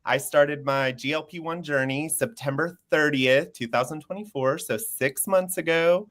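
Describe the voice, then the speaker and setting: A man's voice: fairly high pitch, moderate pace, a bit bright. A man in his twenties, a panel guest sharing his story in casual chat over a video call, earnest and open, laughing easily. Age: 20s.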